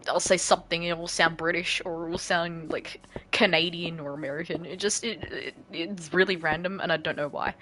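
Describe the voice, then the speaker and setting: A woman's voice: lowish voice, fairly even intonation, a little fast. An Australian woman chatting casually on a live stream while building a game map, giggly and full of "like" fillers.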